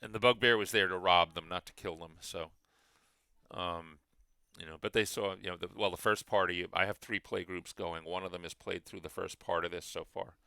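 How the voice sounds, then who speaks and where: A man's voice: low voice, fairly even intonation, moderate pace, gravelly, pushed and bright, clear, resonant tone, dry recording. A man hosting a game master session, explaining how he builds an adventure in a rambling way, with many restarts. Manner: rambling, frequent restarts and fillers.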